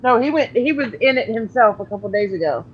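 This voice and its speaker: A woman's voice: on the high side, lively intonation, fast talker. A woman calling in to a casual chat, speaking frankly and plainly. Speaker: guest caller. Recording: dull lo-fi call audio with faint noise.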